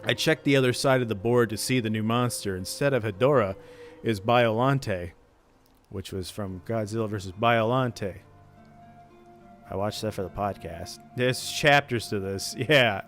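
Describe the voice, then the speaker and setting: A man's voice: lowish voice, measured pace, a bit bright, faint music behind. A man reading a creepypasta aloud in a casual way, breaking off now and then to joke and laugh. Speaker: channel host reading creepypasta. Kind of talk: casual read-aloud of a horror story.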